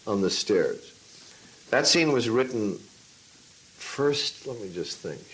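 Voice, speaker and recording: A man, a film and stage director, answering an interview question as a lively storyteller who acts out his own past lines. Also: lowish voice, low-quality recording. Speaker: teacher of a class.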